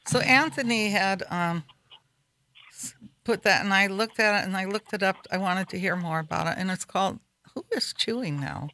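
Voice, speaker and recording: A woman's voice: medium pitch, normal speed, bright, forceful tone. A woman co-hosting a casual radio talk show, telling stories at length in an earnest, chatty way. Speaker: radio co-host. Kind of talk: casual chat.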